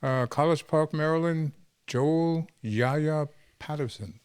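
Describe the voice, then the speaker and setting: A man playing a dry, sardonic male sidekick on a horror-host show, with terse deadpan remarks. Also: fairly high pitch, slow pace, clear, resonant tone.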